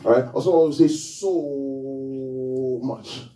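Preaching in church, this man often asks his congregation questions and waits to hear back. His voice is a little high, very fast, and dark. A far-away mic picks him up in an echoey hall.

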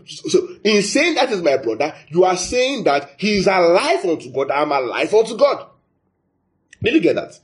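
A man's voice: high-pitched, moderate pace. A man from Nigeria preaching a sermon, repeating phrases and quizzing his listeners. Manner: lively, asks the audience questions, repeats phrases.

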